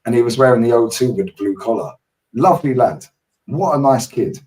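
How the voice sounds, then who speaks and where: Slangy London streamer, heard from afar. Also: male voice, medium pitch, fairly quick, far from the mic, poor audio. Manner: animated, swearing, storytelling slang. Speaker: football streamer host. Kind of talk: casual chat.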